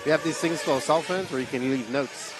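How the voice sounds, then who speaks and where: A man co-commentating a model car race, briskly reading out drivers and heats. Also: a little high, over music. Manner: brisk, reads out names and lists.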